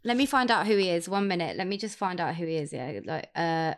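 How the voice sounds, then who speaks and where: A young British woman with an English accent, co-hosting a casual film chat, animated and sarcastic. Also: lowish voice. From England. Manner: animated, sarcastic, quick to mimic. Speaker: podcast co-host.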